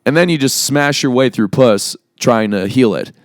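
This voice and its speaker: A man co-hosting a casual podcast, rambling and earnest, sometimes wry. His voice is smooth and resonant. The sound is close and dry. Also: mid-range voice, moderate pace, no echo. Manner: rambling and earnest when he opens up, wry otherwise. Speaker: podcast co-host.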